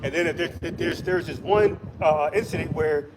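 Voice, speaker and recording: A man's voice: on the high side, normal speed. A man preaching outdoors, rambling with many fillers and restarts. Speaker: street preacher. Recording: loud wind and traffic noise.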